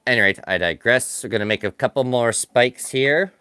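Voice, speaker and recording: A man's voice: mid-range voice, normal speed, sharp tone, smooth, no echo, faint music behind. A man streaming live as he sculpts clay for stop-motion, chatting casually and rambling, poking fun at himself as the work distracts him. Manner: rambling, self-deprecating, distracted by the work at hand. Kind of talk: casual live-stream chat while crafting.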